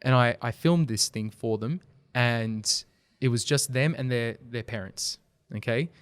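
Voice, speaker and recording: A man speaking in a smooth, clean voice at a middle pitch. He tells stories earnestly as a podcast guest and livens up when he makes a point. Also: a little slow, dry recording. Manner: earnest, storytelling, animated when making a point. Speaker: podcast guest, video company founder. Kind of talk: casual conversational interview.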